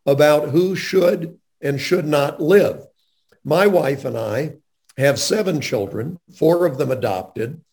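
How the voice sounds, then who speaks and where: Gravelly earnest man interviewing. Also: a little high, a little mellow. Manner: earnest and emphatic, with restarts. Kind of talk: faith-based conversational interview.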